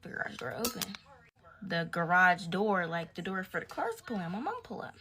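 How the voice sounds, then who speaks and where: A woman's voice: on the low side, very animated, normal speed, sharp tone. Young woman telling a slangy storytime. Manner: slangy and profane, drops to a whisper at times. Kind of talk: casual storytime.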